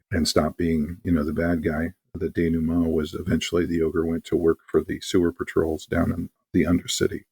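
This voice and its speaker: A man's voice: a bass voice, brisk, vocal fry, hardly any pauses, a little hiss or hum. A man talking casually as an interview guest and game master, telling stories animatedly and acting out quotes. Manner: animated storyteller, acts out quotes.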